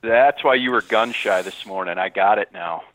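A man as a podcast guest calling in, chatting casually and answering in short, relaxed replies. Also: fairly low pitch, normal speed, dry recording, low-quality recording. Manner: laid-back, short replies. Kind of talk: casual chat.

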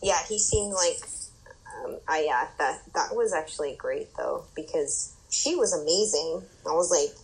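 A woman guest on a podcast, chatting casually and agreeably, quick to chime in. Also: sits low, expressive, breathy edge, poor audio. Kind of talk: casual chat.

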